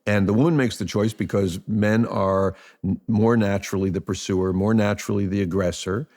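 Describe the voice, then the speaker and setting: A man who is an author and interviewer, explaining his ideas in a measured, reflective way. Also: lowish voice, steady tone, a little mellow. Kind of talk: calm explanatory interview talk.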